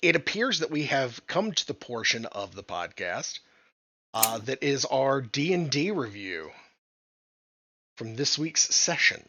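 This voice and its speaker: A man with a Southern US accent co-hosting a podcast in casual chat, halting and self-mocking. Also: medium pitch, big pitch swings, pushed and bright, highs cut off, a little hiss or hum. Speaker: podcast co-host.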